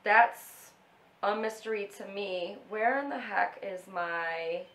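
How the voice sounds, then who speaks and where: A woman's voice: mid-range voice, takes it slowly, a bit bright. Emotional rambling woman in an echoey room. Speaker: vlogger. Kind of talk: casual storytelling to camera.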